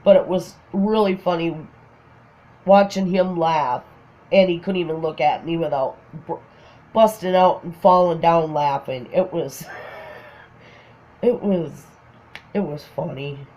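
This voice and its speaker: A woman's voice: fairly low pitch, takes it slowly, pauses often, lo-fi sound. A woman with a Minnesotan accent casually telling a funny personal story, often laughing. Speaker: craft vlogger.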